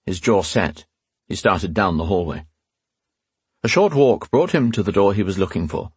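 A man reading a fantasy novel aloud as an audiobook narrator, with a husky voice, voicing the dialogue with small shifts in pitch. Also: lively intonation, moderate pace, dry recording.

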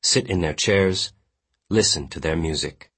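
A man with a deep voice voicing a nervous, hesitant young male defector in an audiobook, pitching his voice up for him. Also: unhurried, a bit bright, breathy edge, full character voice. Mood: wistful.

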